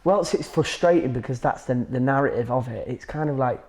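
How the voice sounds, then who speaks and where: Fast-talking Grimsby man. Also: mid-range voice, a little mellow. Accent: Grimsby, Lincolnshire. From England. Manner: rambling, restarts often, says "it's kind of like". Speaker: actor guest. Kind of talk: casual chat.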